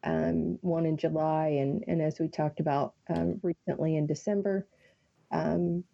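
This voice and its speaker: A woman's voice: low voice, fairly even intonation, measured pace, vocal fry. Teasing woman podcaster. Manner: teasing, playful. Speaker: podcast co-host. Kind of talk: casual podcast chat. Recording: dull lo-fi sound with hiss.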